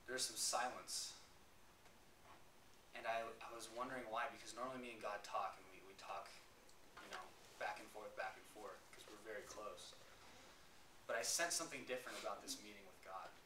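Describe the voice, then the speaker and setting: A man's voice: fairly low pitch, fairly even intonation, moderate pace, long pauses. A young man, a student preacher, telling a first-person narrative sermon in a casual, filler-heavy way in a classroom, recorded by a distant camera. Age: young adult. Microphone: far camera. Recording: roomy classroom from far off, noisy.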